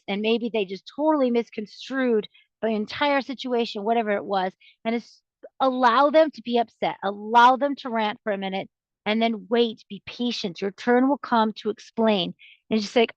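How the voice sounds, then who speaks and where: A fairly high-voiced woman talks through everyday advice in an earnest, rambling way, often restarting her sentences. The recording is dry and a little dull, with no room sound. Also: moderate pace, no echo. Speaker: podcast host. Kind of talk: casual advice talk.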